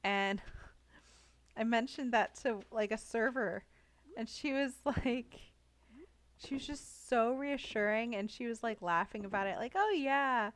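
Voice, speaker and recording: A woman's voice: fairly high pitch, measured pace, dry recording. A young woman streaming a cozy farming game, chatting casually with viewers, giggling often as she reads their messages aloud. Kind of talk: casual live-stream chat.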